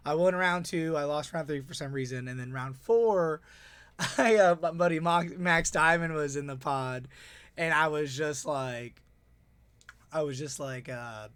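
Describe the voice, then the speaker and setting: A man with a slightly raised speaking voice chats through a casual breakdown of his tournament games. He's excitable and rambling, tossing in quick asides. The sound is close and dry, with no room echo. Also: a little high, clean tone. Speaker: tournament organizer and player.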